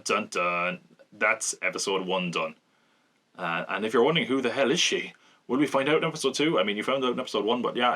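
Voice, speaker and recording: A man hosting a podcast, casually recapping and reviewing a TV episode, chatty, laughing often and slipping into quick mock voices. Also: medium pitch, bright, forceful tone. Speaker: podcast host.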